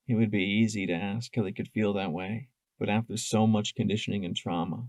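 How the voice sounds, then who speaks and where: A man's voice: on the low side, fairly even intonation, a little fast, few pauses, dry recording. A man narrating a first-person fan audiobook in an emotive way, close to the mic. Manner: emotive, shifting from tense to hushed.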